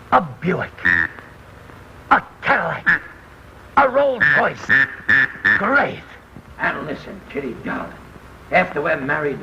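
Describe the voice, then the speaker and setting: A brash, boastful suitor, gravelly and full of quick comic patter. His pitch swoops all over. It comes through a muffled, hissing 1930s film soundtrack. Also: heavily acted. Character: brash gravelly man courting his sweetheart. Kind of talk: 1930s film comedy acting. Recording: dull lo-fi 1930s film sound with loud hiss.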